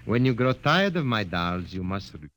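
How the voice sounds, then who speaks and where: An actor playing a proud, sly doll master who speaks in a theatrical, boastful manner, in 1940s radio-play style. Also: male voice, fairly low pitch, very animated, moderate pace, a bit bright, slight background noise.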